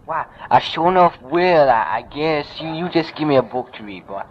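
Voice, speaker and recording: A man's voice: a little high, expressive, moderate pace. A man in a homemade radio comedy, talking in a drawling put-on country slang. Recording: muffled lo-fi tape with noise.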